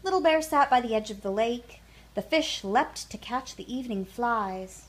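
A woman storyteller reading a children's picture book aloud in an expressive, sing-song way. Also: fairly high pitch, normal speed.

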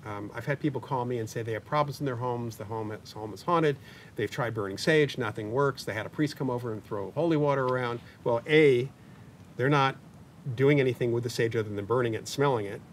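Chatty man in his sixties, off-mic. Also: fairly quick. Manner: chatty, anecdotal, joking asides. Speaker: paranormal investigator guest. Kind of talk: interview conversation. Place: community media studio. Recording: distant mic with faint rumble.

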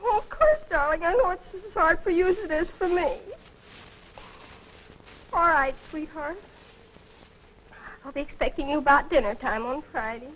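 An actress playing a sweet, eager young newlywed wife in a 1940s film, talking in a gushing, affectionate way. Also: female voice, high voice, moderate pace, pauses often, a bit bright. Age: young adult. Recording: dull old film soundtrack, faint hiss.

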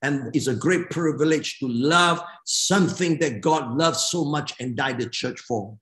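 An older man, preaching as a pastor and reading scripture with emphatic, slow, dramatic phrasing. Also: a little high, fairly bright tone. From Malaysia. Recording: echoey church hall.

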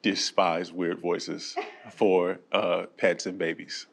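A man's voice: low voice, flat delivery, slow pace, creaky, slightly rough. A man chatting casually in a dry, blunt way. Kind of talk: casual chat.

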